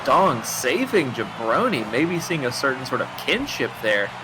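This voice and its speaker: A man calling wrestling play-by-play live, excitable and quick to laugh, his voice jumping up on big moves. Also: mid-range voice, background noise. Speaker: play-by-play commentator.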